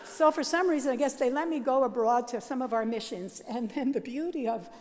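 An older woman, a Catholic nun, telling her life story in a lively, laughing way and acting out the sounds and voices in it. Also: high voice, brisk, long reverb tail. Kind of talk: animated personal storytelling.

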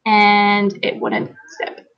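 A woman author chatting casually on a podcast, telling a personal story with lively acted-out quotes and frequent laughter. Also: medium pitch, extremely slow, clean tone, highs cut off. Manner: animated storyteller, acts out quotes, laughs often. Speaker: guest author.

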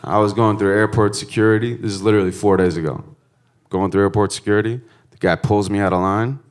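A man doing a stand-up set, swinging between quiet reflective musing and loud profane punchlines in a conversational storytelling style. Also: on the low side, steady tone, fast talker. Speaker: stand-up comedian.

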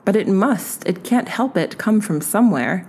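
A woman reading aloud and voicing an eager, persistent male journalist who presses questions gently but with determination. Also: mid-range voice, animated, normal speed, husky. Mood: eager insistent.

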